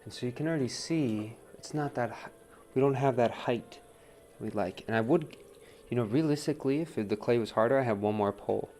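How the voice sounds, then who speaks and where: At the wheel in a pottery studio, a man livestreams a wheel-throwing demo, talking casually, counting his pulls aloud and saying "right?" a lot. His mid-range voice is brisk and a little mellow.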